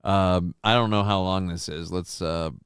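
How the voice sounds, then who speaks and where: A man hosting a live talk show, rambling and joking, with loud bits and quiet asides. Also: deep voice, steady tone, moderate pace, clean tone, dry recording, studio quality. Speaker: show host. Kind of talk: casual live-show chat.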